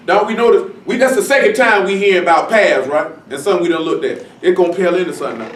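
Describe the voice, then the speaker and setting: A man preaching a Bible-study sermon in a casual, blunt way, full of slang and rhetorical questions, and slowing down to stress the scripture he reads. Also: high-pitched, animated. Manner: slow, stressed reading of scripture. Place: congregation meeting room. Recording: echoey room from a distant mic.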